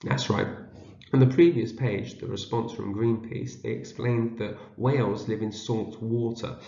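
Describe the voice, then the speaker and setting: A slow, patient man with a gravelly, dark, lowish voice and a steady tone leads a shared reading for young children. He goes word by word, repeating each one for the learners to echo. It's captured on a dull, roomy home video.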